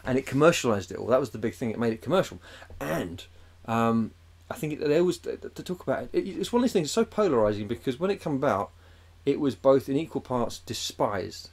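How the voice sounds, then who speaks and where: A man in his forties rambles through a casual podcast chat. He swears freely and keeps slipping into silly put-on voices. His voice sits at an ordinary middle pitch. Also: expressive, fast, vocal fry, breathy edge. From England. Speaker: podcast co-host.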